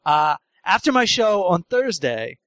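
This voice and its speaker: A comedian hosting a podcast, telling road stories in casual chat, acting out voices, laughing often and swearing freely. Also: male voice, high-pitched, sing-song, measured pace, fairly bright tone, dry recording. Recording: dry close mic.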